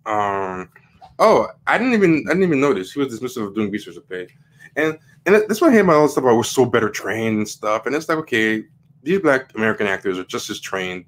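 A man's voice: on the low side, lively intonation, fast talker, a bit bright. A man hosting a casual commentary livestream, rambling with many fillers and restarts as he reads quotes aloud from the web. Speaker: livestream host.

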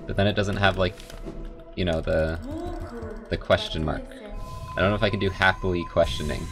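A man commenting casually on his own speedrun as he plays, chatty and full of "like" fillers, with loud bursts of excitement. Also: low-pitched, moderate pace, faint music behind. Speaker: speedrunner streaming a game run. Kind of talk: casual live gameplay commentary.

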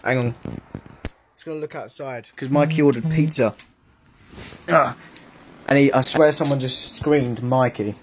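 A man's voice: mid-range voice, fairly even intonation, measured pace, long pauses, slight background noise. Playful young British male streamer. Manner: playful, reads out fan gifts and comments, teasing banter. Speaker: live streamer. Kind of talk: casual live-stream chat.

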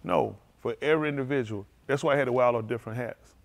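A man preaching a sermon as pastor, in informal, vernacular speech that swings from low murmurs to loud exclaiming. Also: fast talker, gravelly. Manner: speaks in informal, vernacular English.

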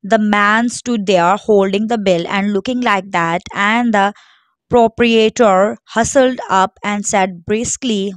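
A woman's voice: medium pitch, dry recording. A woman teacher reading a story aloud to students, stopping to explain difficult words. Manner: steady reading, pausing to gloss words.

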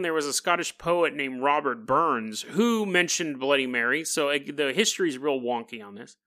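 Sex: man. Role: podcast host. Style: casual monologue. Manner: joking, self-mocking. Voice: bright and animated. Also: on the high side.

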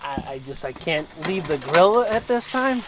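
A man's voice: high-pitched, big pitch swings, normal speed, a crowd in the background. A man with a Massachusetts accent cooking at an outdoor grill, cracking dad jokes as he goes. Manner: joking, self-mocking dad jokes. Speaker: cook. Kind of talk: casual cooking chat.

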